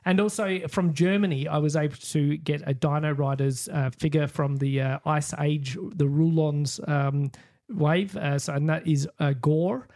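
An Australian man co-hosting a podcast, telling a story in a casual, animated way and acting out the conversations. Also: fairly high pitch, unhurried. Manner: animated storyteller, acts out quoted exchanges. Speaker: podcast co-host. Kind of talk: casual chat.

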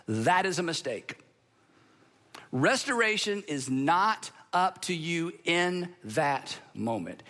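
Man, pastor preaching, high voice, lively pitch, emphatic teaching. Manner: emphatic, teaching with pauses and call-and-response. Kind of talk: sermon.

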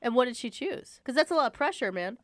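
A woman's voice: a little high, animated, quick pace, fairly bright tone, no echo, clean studio sound. A woman co-hosting a radio show, teasing the caller playfully. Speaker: radio co-host. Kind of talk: morning radio banter.

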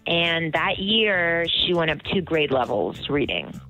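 A woman's voice: sits low, big pitch swings, slow, pushed and bright, soft background music, low-quality recording. A woman in her forties, a guest actress chatting enthusiastically in an interview. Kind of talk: interview answers.

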